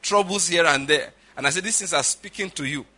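A man's voice: a little high, fairly quick, pushed and bright, husky. A middle-aged man preaching a sermon as pastor, emphatic and often checking with his listeners. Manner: emphatic, repeats "all right?" and "do you understand?" to the audience.

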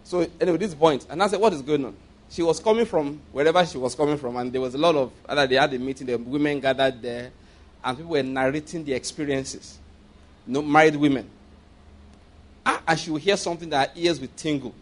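Emphatic preacher with a raised voice. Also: male voice, a little high, fast talker. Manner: repetitive, emphatic, checks in with listeners; chuckles often while telling. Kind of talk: sermon storytelling.

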